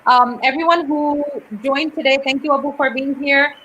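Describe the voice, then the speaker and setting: A woman runs a live online English lesson, coaching pronunciation by drilling words again and again. Her voice sits high and sounds bright and clear. A faint hiss of room ambience runs under the video call. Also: steady tone, moderate pace, rough recording. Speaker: English teacher hosting a live class.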